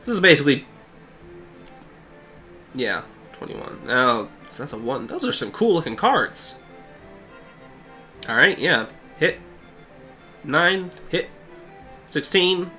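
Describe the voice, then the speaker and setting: Bright-voiced man playing through a game. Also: a little high, big pitch swings, takes it slowly, long pauses. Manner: laid-back, self-mocking asides. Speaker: let's play host. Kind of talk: casual gameplay commentary. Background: faint game music.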